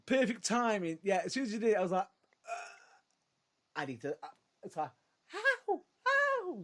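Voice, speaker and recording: A man's voice: sits high, expressive, racing. A man co-hosting a podcast in casual chat, rambling and giggly, often breaking off mid-sentence. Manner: rambling, giggly, self-interrupting. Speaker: podcast co-host.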